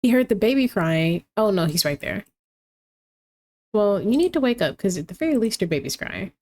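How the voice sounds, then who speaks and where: A woman casually commenting on her gameplay, chatty and lively, talking to the game characters as she goes. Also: medium pitch. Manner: chatty, reacts aloud, talks to the game characters.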